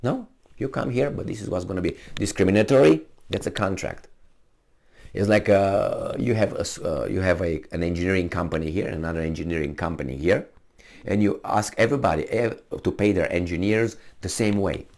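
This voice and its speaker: A man with a low, gravelly voice gives an argumentative opinion monologue to camera. He plays out imagined exchanges in his own voice to press his points. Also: fairly quick, a little mellow. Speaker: commentator hosting his own channel.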